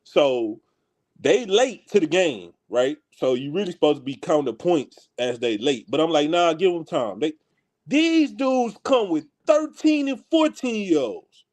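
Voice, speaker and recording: A high-voiced man with a Houston accent tells a story among friends. He is animated and slangy and laughs along the way. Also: a little slow. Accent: Houston, Texas. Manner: animated, laughs while telling stories, slangy. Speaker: podcast co-host.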